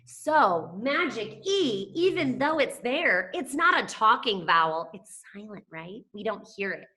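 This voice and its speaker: Slow, bright-voiced woman teaching young children. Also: a little high, sing-song. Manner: slow, drawn-out words stressed for young learners. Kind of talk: children's phonics lesson.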